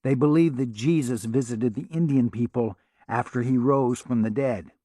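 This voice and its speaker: A man's voice: medium pitch, normal speed, mellow, no echo, studio quality, lightly acted. A man reading a wry, practical man. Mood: matter-of-fact.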